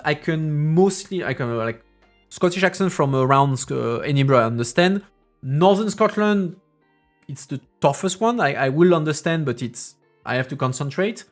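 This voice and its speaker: A man in his thirties with a French accent, telling stories on a casual stream in a rambling way with many restarts. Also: on the high side. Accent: French, with mixed English accents. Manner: rambling, with frequent restarts and filler sounds. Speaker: streamer and parliamentary assistant.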